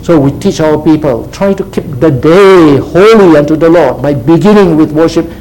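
Mellow-voiced male preacher, fairly high. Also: expressive, moderate pace, a little hiss or hum, poor audio. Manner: checks in with frequent "See?" and "Huh?"; teacherly, repeats key phrases for emphasis. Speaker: pastor. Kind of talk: sermon.

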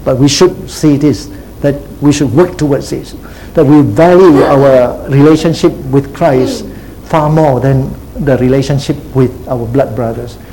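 A man's voice: mid-range voice, fairly even intonation, unhurried, mellow, rough recording. A man preaching a sermon as pastor, teacherly, repeating key phrases and checking in with "See?" and "Huh?".

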